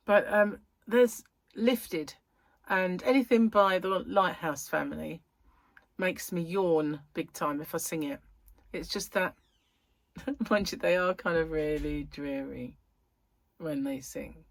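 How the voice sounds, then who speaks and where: A woman chatting casually to her viewers from home, a bit croaky and tired, rambling and correcting herself as she goes. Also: fairly low pitch, no room sound. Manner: rambling, chatty, self-interrupting. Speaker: crochet vlogger. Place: at home, indoors.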